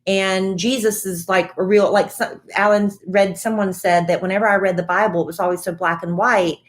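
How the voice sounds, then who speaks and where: A woman co-hosting a casual podcast chat and reading an ad, jokey and quick to laugh. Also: mid-range voice, fairly even intonation. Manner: chatty, laughs often, jokey. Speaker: podcast co-host. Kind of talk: casual chat and host-read ad.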